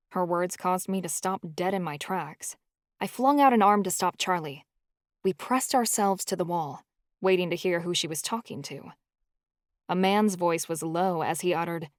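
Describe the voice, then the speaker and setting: Low-voiced woman narrating an audiobook. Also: moderate pace, no echo, clean studio sound. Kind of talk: first-person audiobook narration.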